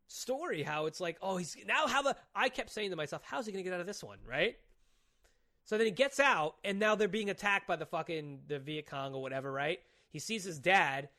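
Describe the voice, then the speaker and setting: A fairly high-voiced man co-hosting a casual podcast, talking fast and loose. He piles up curse words while he excitedly retells plots, stumbling and restarting as he goes. His voice has a lightly raised register. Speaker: podcast co-host. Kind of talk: casual chat.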